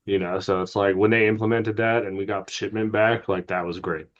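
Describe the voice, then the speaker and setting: Profane laid-back man, low and muffled. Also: steady tone, brisk. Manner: loose and profane, laughs often. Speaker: podcast co-host. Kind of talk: casual chat. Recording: dull lo-fi sound.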